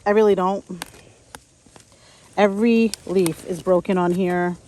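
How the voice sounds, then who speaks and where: A woman's voice: fairly low pitch, fairly even intonation, measured pace, mellow, a little hiss or hum. Woman vlogging from her garden. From upstate New York. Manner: sighing, hesitant, talks to herself while working. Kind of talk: casual vlog narration. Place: outdoor garden.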